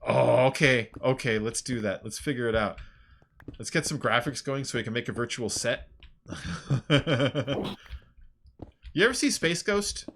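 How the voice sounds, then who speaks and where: A man streaming a game, chatting casually in a rambling, animated way with lots of fillers and laughs. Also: medium pitch, unhurried, long pauses, slight background noise. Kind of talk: casual chat while playing a game.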